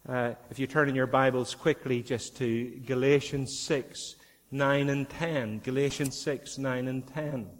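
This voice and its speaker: A man's voice: medium pitch, fairly even intonation, unhurried. A man with a Northern Irish accent preaching a sermon, earnest and repeating key phrases for emphasis. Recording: long hall reverb.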